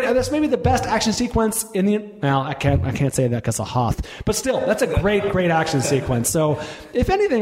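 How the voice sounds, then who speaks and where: Talkative forties male host with a slightly high voice who keeps restarting his sentences. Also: a little mellow. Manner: rambling, self-interrupting, lots of restarts. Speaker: podcast host. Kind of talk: casual chat.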